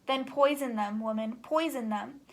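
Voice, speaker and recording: A woman's voice: a little high, normal speed, close to an everyday voice. A woman voicing a bossy, impatient farmer's wife giving orders, read from a children's storybook. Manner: impatient, commanding.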